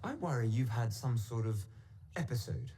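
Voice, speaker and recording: An actor in a TV drama playing a smooth, menacing aristocratic man who speaks in a silky, knowing way. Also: mid-range voice, lively intonation, moderate pace, natural voice. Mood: insinuating. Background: music score.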